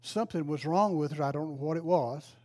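A man's voice: on the high side, brisk, darkish tone. An older man, a retired pastor, telling a folksy, emotional story in a sermon. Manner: folksy, emotional, exclaims praise.

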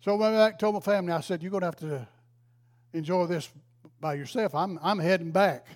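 Older man, pastor, storytelling sermon, folksy and emotional, slightly high voice. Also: fairly quick. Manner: folksy, emotional, exclaims praise. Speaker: retired pastor.

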